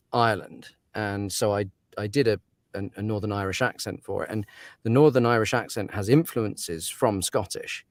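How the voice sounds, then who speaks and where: A man's voice: lowish voice, dry recording, studio quality. A man, an audiobook narrator chatting casually as an interview guest, laughing often and trailing off into fillers.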